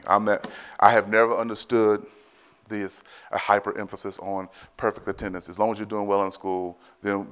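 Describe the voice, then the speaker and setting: A man in his thirties, a pastor, preaching a sermon, telling family stories in an animated way, repeating phrases and often laughing. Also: fairly low pitch. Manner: animated storytelling, rising to loud excited bursts.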